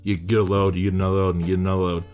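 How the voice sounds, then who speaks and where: A man's voice: deep voice, flat delivery, very fast, darkish tone, soft background music. A young man, a rapper guesting on a podcast, telling a story in casual, profane speech and acting out other people's lines.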